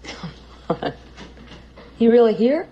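An actress playing a nervous young woman stuck in a dangerous city, talking in a hushed voice, heard as a film clip. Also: a little high, sing-song, slow pace, dull audio. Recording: noisy film soundtrack clip.

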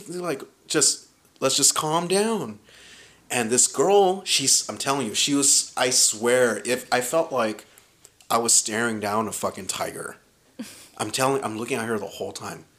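A young man telling a wild story on a podcast, swearing freely and laughing as he goes. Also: mid-range voice. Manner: profane, animated, laughing through the story. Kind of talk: casual storytelling chat.

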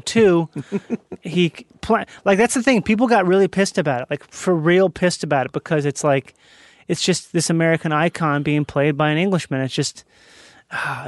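Jokey podcast guest, man with a high voice, animated run-on chatter, dry mic. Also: no room sound. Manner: jokey, animated, talks in loose run-on thoughts. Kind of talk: casual podcast chat.

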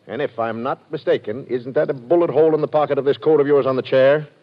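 A man's voice: medium pitch, fairly even intonation, fast talker, close to an everyday voice. An actor playing a smug, sarcastic male police inspector in a 1940s radio drama, dry and commanding. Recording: dull old radio recording.

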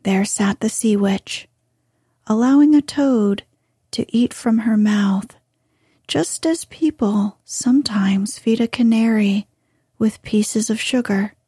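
Breathy whispering woman reading a story. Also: a little high, dry recording, clean studio sound. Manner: soft, slow, hushed whispering.

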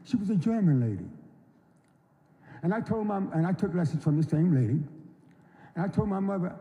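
A man in his seventies from North Carolina, giving an unhurried, folksy storytelling speech at an induction ceremony. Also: high voice, expressive, mellow, highs cut off. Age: 70s. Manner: unhurried, folksy, acts out quoted voices. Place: large hall. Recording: long reverb of a large hall.

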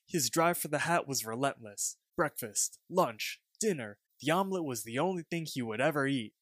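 A man's voice: mid-range voice, animated, normal speed, fairly bright tone, dry recording, studio quality. A man voicing an older male park worker as he tells an old story, in a raised, earnest storytelling voice.

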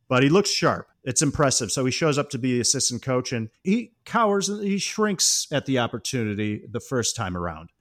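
A podcast co-host with a lowish voice casually discusses a film. He recounts scenes animatedly and laughs often as he talks.

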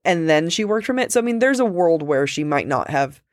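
A woman co-hosting a casual book-discussion podcast, chatty with lots of fillers, reading quotes aloud slowly. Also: low-pitched, sing-song, no echo, studio quality. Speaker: podcast co-host.

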